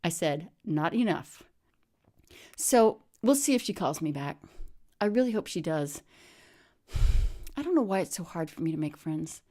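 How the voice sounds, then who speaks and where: A woman's voice: on the low side, big pitch swings, normal speed, pauses often, warm tone. A woman telling a comic story in a dry, mock-stern, theatrical manner. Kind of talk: deadpan comedic monologue.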